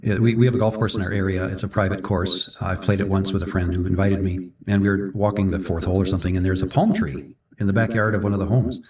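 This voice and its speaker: A man's voice: low-pitched, steady tone, fast, few pauses, recorded from a distance, crowd noise. A man from Minnesota leading a casual Bible discussion, chatty and rambling, often restarting his sentences. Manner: rambling, chatty storyteller with self-corrections. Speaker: Bible study co-host.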